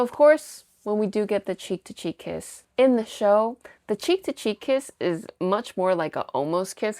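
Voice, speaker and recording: A woman's voice: fairly low pitch, a little mellow, dry recording, clean studio sound. A young woman hosting a casual book-versus-show recap, chatty and full of fillers, swearing casually. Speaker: recap video host.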